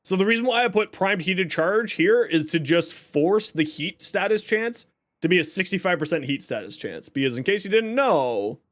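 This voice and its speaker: A young man with a high, fairly bright voice is streaming a game and chatting casually with his viewers. He jokes around, reads chat aloud, and explains his build.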